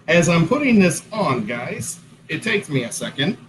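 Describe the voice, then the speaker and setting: A man's voice: on the high side, very animated, moderate pace, noisy background. A man co-hosting a casual livestream, chatty and self-correcting as he sets up and explains his painting. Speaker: co-host. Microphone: headset-style hat cam mic.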